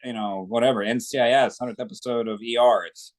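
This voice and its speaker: A man's voice: fairly low pitch, fairly even intonation, fast talker, hardly any pauses. A man, a guest actor, chatting casually in an interview and telling long anecdotes.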